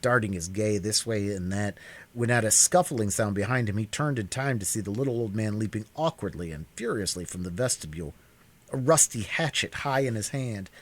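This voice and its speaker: A man's voice: on the low side, expressive, a little fast. A man doing a cold read of a novel on a live stream, narrating expressively.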